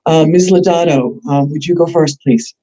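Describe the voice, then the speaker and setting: Gentle woman host, mellow muffled voice. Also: deep voice, moderate pace. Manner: gentle, emotional, gracious. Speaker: event host. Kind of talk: hosting a panel.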